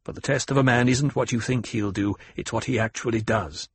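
A man's voice: mid-range voice, steady tone, a little fast, slight background noise, natural voice. A man voicing a firm, commanding young leader. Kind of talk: audiobook character voice.

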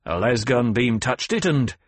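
A man voicing a loyal, gruff male swordmaster who talks in clipped, urgent bursts. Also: mid-range voice, sing-song, unhurried, no room sound.

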